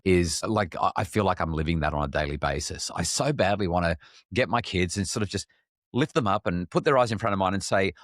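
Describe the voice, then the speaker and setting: A man's voice: deep voice, dry recording, clean studio sound. A middle-aged man with an Australian accent, a parenting expert speaking candidly in a podcast interview, with frequent restarts. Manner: frank and self-deprecating, many restarts.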